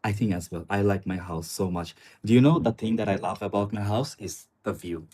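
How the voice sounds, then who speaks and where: A man's voice: on the low side, a little fast, warm tone, breathy edge. Chatty male streamer. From China. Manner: chatty, addresses viewers as guys, answers chat comments. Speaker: live streamer. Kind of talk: casual live stream chat. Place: small studio apartment with river view.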